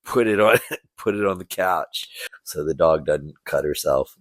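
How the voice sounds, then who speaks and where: A man's voice: rumbling low, unhurried, dry recording. A man guest on a casual podcast, telling a rambling story with lots of fillers and laughter.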